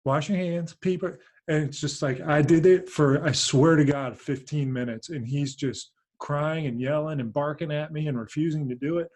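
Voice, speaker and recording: A man who hosts a podcast and is a father, chatting in a joking way and quick to laugh. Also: fairly high pitch, darkish tone. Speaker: podcast host. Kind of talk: casual podcast conversation.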